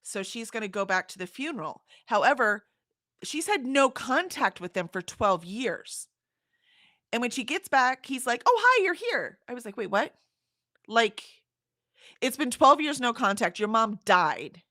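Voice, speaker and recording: A woman's voice: fairly high pitch, expressive, a little slow, sharp tone, no echo, clean studio sound. A middle-aged woman from Houston, chatting casually on a livestream, rambling and laughing as she reads out comments. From Houston, Texas. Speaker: livestream host. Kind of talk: casual chat reading comments.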